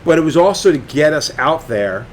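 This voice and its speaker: Brief: middle-aged male host, fast-talking, blunt and profane, casual chat. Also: fairly high pitch, lively intonation, slight background noise. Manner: blunt, heavy swearing. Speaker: podcast host and tattoo artist.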